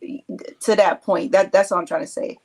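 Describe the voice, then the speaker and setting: A panelist speaking in a measured, hesitant way in a casual podcast discussion. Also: mid-range voice, steady tone.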